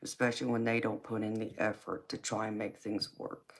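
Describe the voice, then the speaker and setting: A woman's voice: a bass voice, a little fast. Woman with a Southern Georgia drawl. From California. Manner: drawling, relaxed, calls people baby. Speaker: tarot reader on a livestream. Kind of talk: casual live chat reading viewer comments.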